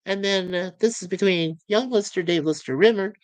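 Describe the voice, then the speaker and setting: A woman casually talking through scenes of a show. Her pitch is middling and her delivery is loose and halting, and the recording is dry and close with no room sound. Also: dry recording, low-quality recording. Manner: loose, halting narration with fillers. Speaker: show reviewer. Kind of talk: casual review, reading quotes aloud.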